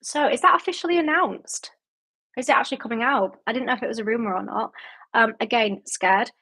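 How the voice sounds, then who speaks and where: Fairly high-pitched and husky, a young booktube host with a Yorkshire accent talks a little fast as she reads viewer comments on her laid-back book livestream. Her replies meander, peppered with "um" and "like."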